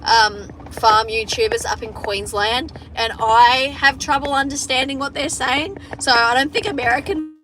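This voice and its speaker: A woman's voice: high-pitched, normal speed, hardly any pauses, noisy background. Sweary Australian farm woman streaming live. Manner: profane, blunt, joking. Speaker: farmer livestreamer. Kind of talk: casual livestream chat reading comments.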